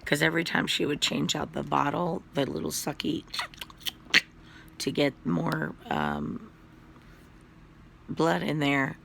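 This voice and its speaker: Sick coughing guy rambling and swearing his way through a story, super gravelly voice, pretty high. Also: animated, slow pace, long pauses, fairly bright tone, a little hiss or hum. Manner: rambling, profane storytelling with many fillers. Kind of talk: casual personal story to camera.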